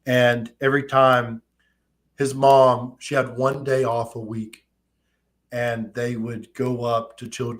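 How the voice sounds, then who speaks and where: A man in his thirties hosting a live-streamed talk, telling stories in quick animated bursts. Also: medium pitch. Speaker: host. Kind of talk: casual live-stream chat.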